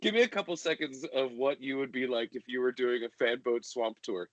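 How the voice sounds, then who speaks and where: A man co-hosting a podcast from home in casual chat, with relaxed, joking, upbeat banter. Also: mid-range voice, fairly quick, muffled recording. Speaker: podcast co-host. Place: home during quarantine.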